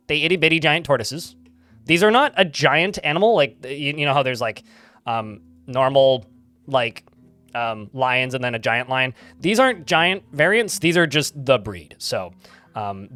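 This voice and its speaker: A man's voice: a little high, expressive, moderate pace, sharp tone, faint music behind. A man casually chatting to his live-stream chat while playing a game, rambling and laughing easily.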